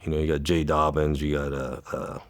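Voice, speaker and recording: A man who worked undercover, recounting an old case in an interview, halting and repeating words, tearful at times, and acting out the lines of the people in the story. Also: extremely low pitch, flat delivery, dry recording, studio quality. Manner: halting, repeats words, acts out quoted dialogue. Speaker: interview guest, former undercover officer. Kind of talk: emotional storytelling.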